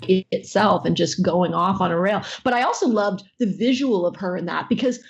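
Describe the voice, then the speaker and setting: A middle-aged woman from Canada, a voice actress guest telling stories in an interview, lively and laughing often. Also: normal speed, creaky, muffled recording. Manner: lively, laughs often, acts out quotes in high silly voices. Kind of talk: animated interview storytelling.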